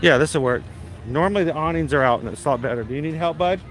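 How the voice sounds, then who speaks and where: A man's voice: fairly high pitch, quick pace. A man in his thirties hosting a casual live vlog outdoors at a theme park, chatty and jokey, rambling along as he goes. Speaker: livestream host.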